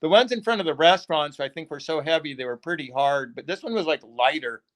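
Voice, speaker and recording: A man's voice: on the high side, animated, fast. Chuckling rambling man telling stories. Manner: rambling, chuckling, says "like" and "dude". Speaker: podcast guest. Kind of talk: casual interview storytelling.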